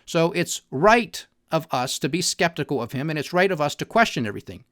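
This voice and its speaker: An emphatic man hosting a political commentary podcast, often checking in with his listener. His voice sits a bit high for a man, and the sound is dry and close to the mic. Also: sing-song, fairly quick, a bit bright, dry recording. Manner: emphatic, repeats "All right?" to the listener. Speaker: podcast host.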